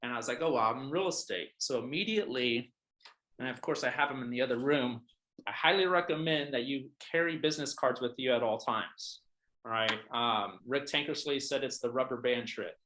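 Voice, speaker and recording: Bright-voiced realtor coaching agents. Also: male voice, medium pitch, moderate pace, slight background noise, rough recording. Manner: conversational, keeps checking in with "all right?" and "right?"; frequent fillers and restarts. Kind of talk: casual training talk.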